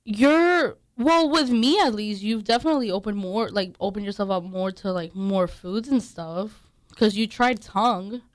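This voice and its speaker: A woman's voice: medium pitch, moderate pace, no echo, clean studio sound. A woman co-hosting a casual chat, talking hesitantly with many restarts and ums. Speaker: podcast co-host.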